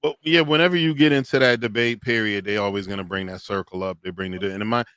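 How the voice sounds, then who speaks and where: A man co-hosting a reaction podcast, arguing his point through animated storytelling. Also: on the low side, quick pace, clear, resonant tone, no echo. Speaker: podcast co-host. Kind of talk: casual reaction commentary.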